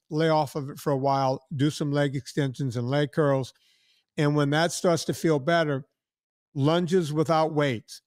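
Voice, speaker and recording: A man's voice: a little high, darkish tone, no echo, clean studio sound. A man in his sixties hosting a podcast, rambling in casual chat with many restarts and acted-out quotes. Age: 60s. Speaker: podcast host.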